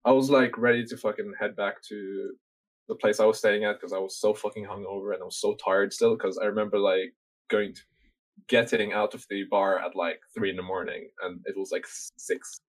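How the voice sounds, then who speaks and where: A young man from Norway talks loosely and at length, his voice sitting on the lower side. He rambles with plenty of fillers and swear words, in an easy chat between friends. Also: flat delivery, a little fast, low-quality recording. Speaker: podcast guest telling a story. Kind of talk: casual chat.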